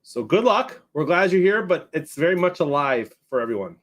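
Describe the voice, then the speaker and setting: A man co-hosting a live fantasy sports show, giving quick updates and asides. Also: fairly high pitch, big pitch swings, fairly bright tone. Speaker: co-host.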